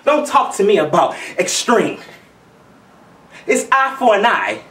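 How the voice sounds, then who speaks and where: A man's voice: high voice, big pitch swings, unhurried, a bit bright, distant mic. Emphatic male vlogger, heated repetitive rant; roomy sound, set back from the mic. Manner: heated, emphatic, repeats himself. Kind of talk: ranting commentary vlog.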